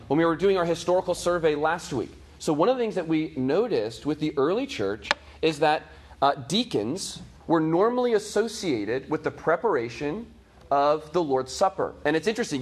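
A man's voice: on the high side, sing-song, moderate pace, husky. A man teaching a catechism class, talking casually to his students with many fillers, restarts and "right?" check-ins. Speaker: Bible teacher.

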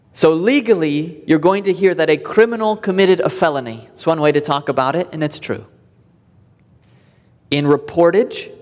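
A man preaching a sermon to his church, emphatic and deliberate, repeating key words for weight. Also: on the high side, big-room sound. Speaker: pastor. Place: church sanctuary.

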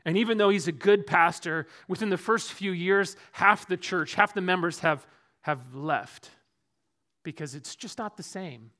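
A man preaches as pastor of a church, with a high voice. His tone is bright and forward, and his sermon moves between loud, emphatic stretches and quiet, dropped asides. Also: measured pace.

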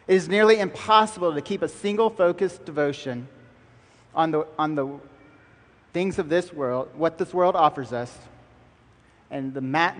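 A man's voice: on the high side, in a large hall. A man preaching a sermon as pastor, emphatic and building through repeated lines.

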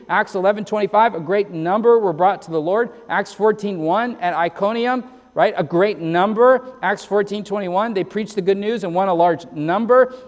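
Male pastor, high voice, earnest and emphatic sermon delivery, stumbling restarts, heard with a lingering hall echo. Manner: earnest, emphatic preaching with quick verse citations; repeats words when starting sentences.

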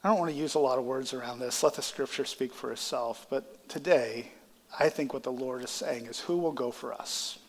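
A man's voice: medium pitch, a little fast, long reverb tail. A male pastor delivering a sermon with a congested, stuffy voice, building to impassioned climaxes. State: congested sinuses. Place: church sanctuary.

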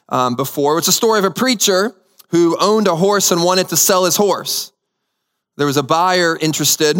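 A man's voice: sits high, a bit bright, long reverb tail. A man preaching a sermon as pastor, telling a story and repeating key phrases for emphasis. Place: church sanctuary.

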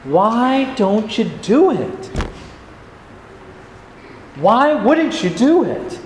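A man voicing a humble servant who gently pleads with and reasons with his master. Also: extremely high pitch, big pitch swings, extremely slow, a little hiss or hum, full character voice. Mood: coaxing. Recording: echoey hall, faint ambience.

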